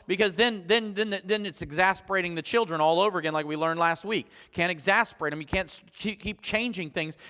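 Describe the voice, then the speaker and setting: Bright-voiced pastor preaching in a reverberant church. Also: male voice, a little high. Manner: conversational, many restarts, quotes his own family talk. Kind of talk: sermon. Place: church sanctuary.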